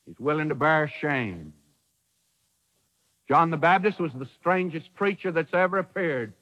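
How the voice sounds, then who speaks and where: A man's voice: on the high side, expressive, a little slow, sharp tone, long reverb tail, muffled recording. A man preaching a sermon with folksy wording and dramatic quoted lines, heard on an old radio broadcast.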